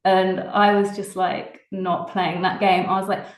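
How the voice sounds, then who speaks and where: A woman's voice: mid-range voice, flat delivery. Chatty British woman in an echoey room. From Britain. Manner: chatty, laughs often, fast bursts. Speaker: singer-songwriter guest. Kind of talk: casual interview chat.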